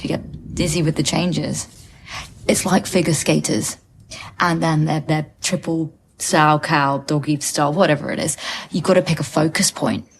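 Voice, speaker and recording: An actress playing a blunt young woman who calmly coaches someone through dizziness in a TV drama. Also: low voice, creaky, slight background noise, heavily acted. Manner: blunt, coaxing, slow and steady. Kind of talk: TV drama acting.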